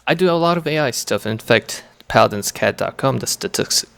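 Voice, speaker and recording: A man's voice: medium pitch, lively intonation, brisk, gravelly, a bit bright. A man chatting on a stream in earnest, plain-spoken commentary, warning viewers.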